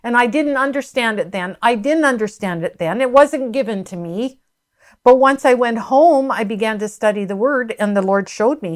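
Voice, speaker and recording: An earnest woman preaching and sharing her testimony, her voice sitting a little high for a woman. She speaks with heartfelt emphasis, stretching some words out slowly. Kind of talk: sermon with personal testimony.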